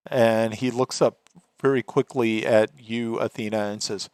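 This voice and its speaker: A man's voice: mid-range voice, steady tone, normal speed, no room sound, clean studio sound. A man narrating as game master of a tabletop game, hesitant and full of fillers.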